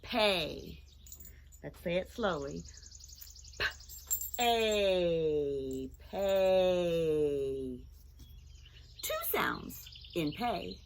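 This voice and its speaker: A woman teacher giving a children's phonics lesson, speaking clearly and encouragingly and breaking into song with the kids. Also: lowish voice, very animated, slow pace, a bit bright, slight background noise.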